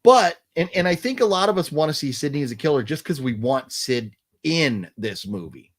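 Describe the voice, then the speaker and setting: A man's voice: a little high, animated, normal speed, husky. A man hosting a casual late-night live stream, thinking aloud in a rambling way with many restarts.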